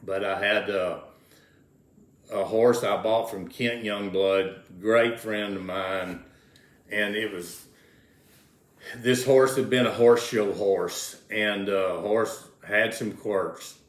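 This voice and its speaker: A man's voice: on the low side, steady tone, takes it slowly. An older man, telling folksy rodeo stories as an interview guest, repeating words as he goes. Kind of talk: casual storytelling. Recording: roomy echo.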